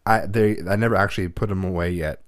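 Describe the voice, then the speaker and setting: Fed-up father, thirties, low and dry, swears freely while recounting. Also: fairly even intonation, quick pace, no room sound. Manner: heated storytelling, swears a lot. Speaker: parent. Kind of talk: casual chat.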